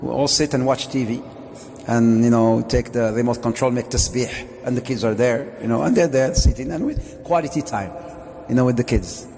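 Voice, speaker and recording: A man, a sheikh, giving a lively mosque lecture, joking and putting questions to his audience. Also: medium pitch, moderate pace, soft background music. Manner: jokey, asks the audience questions. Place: Islamic centre hall. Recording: long reverb of a hall.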